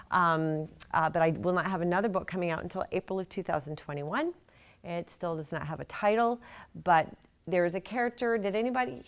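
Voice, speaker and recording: A woman's voice: lowish voice, smooth. A middle-aged woman author giving a casual, chatty talk to a library audience, self-deprecating and laughing at her own jokes. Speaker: author speaking at a library event.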